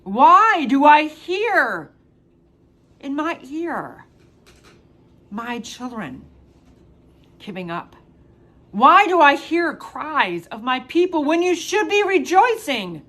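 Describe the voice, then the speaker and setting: This woman's voice sits high with a sing-song lilt and a slightly bright quality. She delivers a prophetic message in God's first-person voice, stretching out emphatic declarations and returning to rhetorical questions again and again.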